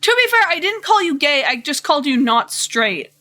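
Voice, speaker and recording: A woman's voice: high voice, big pitch swings, normal speed, bright, forceful tone, faint music behind. A woman live streaming a game, chatting casually to her viewers with sarcastic, mock-bored asides. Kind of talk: casual livestream chat while gaming.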